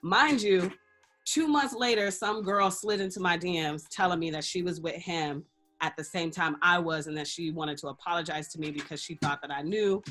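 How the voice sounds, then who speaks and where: In a casual interview, a woman who works as a radio personality and life coach candidly tells a personal story, acting out the lines of the people in it and laughing often. Her voice is fairly low and expressive, her pace moderate, with soft music playing in the background.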